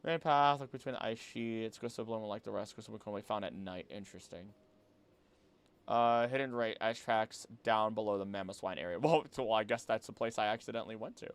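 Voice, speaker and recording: A man's voice: on the low side, fairly quick, smooth. A young man streaming a game and chatting casually with his chat, repeating himself and using many fillers.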